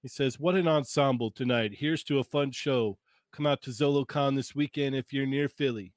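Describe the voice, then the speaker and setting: A man's voice: medium pitch, normal speed, no echo. A man co-hosting a casual live stream, reading viewer messages aloud in an easygoing way. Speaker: livestream co-host.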